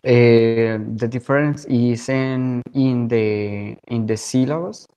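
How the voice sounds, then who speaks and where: A male student with a Colombian accent, speaking very slowly. He hesitates often and fills gaps with ums while he searches for words. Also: medium pitch, mellow, clear, resonant tone, poor audio. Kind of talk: classroom answers.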